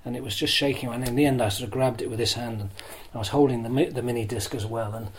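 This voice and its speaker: An older man recounts his broadcasting days in an animated, self-mocking way, full of restarts and asides. His voice sits at an ordinary middle pitch. A light background noise runs under the conversation. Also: quick pace, low-quality recording. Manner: lively storyteller who acts out crowd shouts; self-deprecating and chatty, with restarts. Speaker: interview guest, former rugby broadcaster. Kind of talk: anecdotal interview storytelling.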